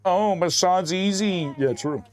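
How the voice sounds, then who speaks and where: A man's voice: sits high, measured pace, a little mellow, slight background noise. A man streaming a game, chatting casually and profanely while reading his chat aloud.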